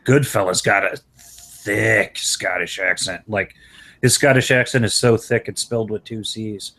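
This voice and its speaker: A man's voice: fairly low pitch, steady tone, measured pace, pushed and bright. A man hosting a livestream, chatting casually and telling loose, profane stories. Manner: loose, profane storytelling with frequent laughs. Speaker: streamer hosting a live chat.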